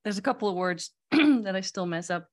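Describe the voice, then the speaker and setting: A woman, a magazine CEO telling lively anecdotes as a podcast guest. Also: mid-range voice, normal speed. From Netherlands. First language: Dutch. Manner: animated storyteller, lively anecdotes. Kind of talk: casual interview chat.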